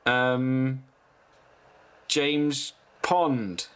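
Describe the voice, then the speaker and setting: A man's voice: medium pitch, fairly even intonation, drawn-out words, fairly bright tone, clear, resonant tone. A man co-hosting a casual comedy chat, teasing and swearing through playful banter.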